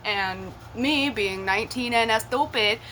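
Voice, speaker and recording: Young woman vlogging a storytime, giggly and slangy, bright voice with a little hiss behind. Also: a little high, measured pace, poor audio. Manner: chatty and giggly, with slang and swearing. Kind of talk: casual storytelling to camera.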